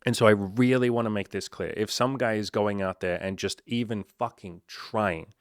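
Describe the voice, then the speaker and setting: A man's voice: fairly low pitch, steady tone, moderate pace, dry recording, clean studio sound. A man talking as a dating coach in a casual, blunt monologue full of swearing. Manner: blunt and profane, conversational.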